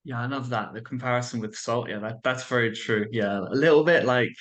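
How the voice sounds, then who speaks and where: A man's voice: medium pitch, brisk, a bit bright. A British man hosting a casual chat about languages, talking in a loose, chatty way. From Britain. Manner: chatty, many likes and restarts. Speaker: language coach and host.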